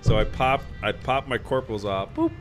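A man's voice: medium pitch, very animated, normal speed, soft background music. A man who served as a Marine corporal, chiming in with jokes and corrections in casual chat. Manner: jokey, chimes in with corrections. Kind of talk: casual chat among friends.

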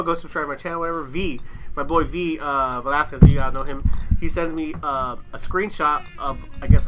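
A man in his thirties, a podcast host, telling a story in casual chat and laughing often. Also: medium pitch.

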